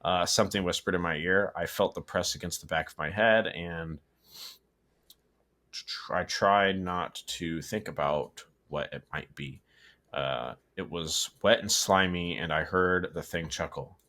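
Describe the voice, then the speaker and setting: A man's voice: deep voice, measured pace, pushed and bright. A man casually reading a horror story aloud, stumbling, correcting himself and adding asides. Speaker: story reader and co-host.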